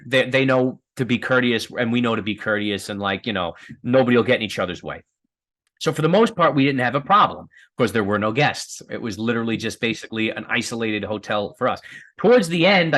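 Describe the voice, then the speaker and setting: A filmmaker guest telling stories in a casual, rambling way, with many fillers and restarts and frequent laughs. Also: male voice, mid-range voice, a bit bright.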